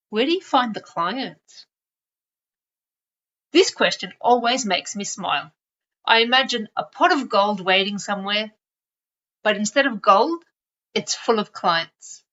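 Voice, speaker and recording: Bright, chatty woman podcast host. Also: medium pitch, lo-fi sound. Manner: chatty, lightly sarcastic. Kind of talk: solo podcast monologue.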